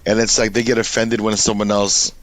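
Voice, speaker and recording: A man's voice: on the low side, fairly quick. A man, a podcast guest chatting casually, swearing freely and telling stories in a laid-back way. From Los Angeles. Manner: profane, laid-back, animated storytelling. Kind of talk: casual chat.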